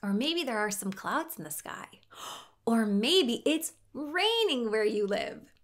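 Her fairly high, sing-song voice has a fairly bright tone and a slow pace as this young woman hosts a toddler show outdoors. She gasps, asks the kids coaxing questions, and alternates talking with singing, all over soft ukulele music.

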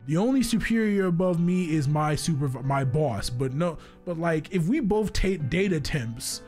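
A young man playing a game on his channel, reading the text aloud and breaking in with profane, excited commentary. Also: fairly high pitch, normal speed, soft background music. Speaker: gaming YouTuber.

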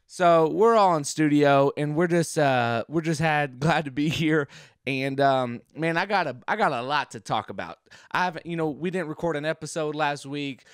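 Young guy, podcast host, slightly high voice, casual rambling comic delivery, dry close-miked sound. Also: moderate pace, clear, resonant tone, dry recording. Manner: rambling, jokey, does voices. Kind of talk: casual comedic monologue. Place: home game room.

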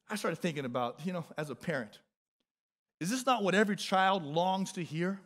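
A man's voice: high voice, normal speed, long pauses. A young adult male pastor preaching a sermon, emphatic and repetitive, with casual joking asides to the congregation. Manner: animated, emphatic preaching with repeated phrases.

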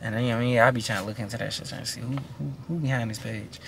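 A man's voice: mid-range voice, fairly even intonation, very fast, creaky, fairly bright tone, a little hiss or hum. A man, a guest in a casual interview, talking bluntly with lots of profanity and repeated restarts.

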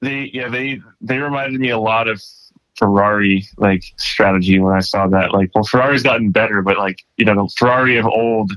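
A man's voice: fairly low pitch, fairly even intonation, normal speed, a bit bright, dry recording, low-quality recording. Laid-back, profane male co-host, dry sound. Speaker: podcast co-host. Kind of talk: casual sports podcast chat.

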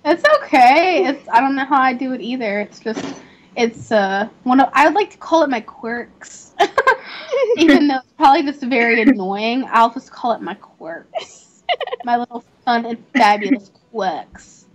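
Giggly high-voiced young woman streamer. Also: animated, a little hiss or hum, poor audio. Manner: giggly, chatty, quick to apologize. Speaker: livestream host. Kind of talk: casual chat while gaming.

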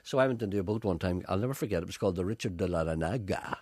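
A man hosts a radio show, spinning long anecdotes with playful mock-indignation. His low voice swings widely in pitch. The studio sound is dry and close. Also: lively intonation, very fast, a little mellow, no room sound. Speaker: radio presenter. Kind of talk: comic radio banter and storytelling.

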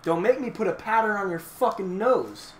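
A man with a high, expressive voice at normal speed plays a fighting game with friends, trash-talking and cursing like a mock commentator in casual let's-play banter. The room is echoey, with a faint hiss.

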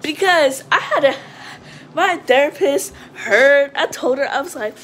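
Young woman, high voice, chatty vlogger, rambling and excitable, faint background noise. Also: a little slow. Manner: rambling and chatty, often addresses the viewers as guys; excitable, with frequent fillers and restarts. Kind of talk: casual chat to camera.

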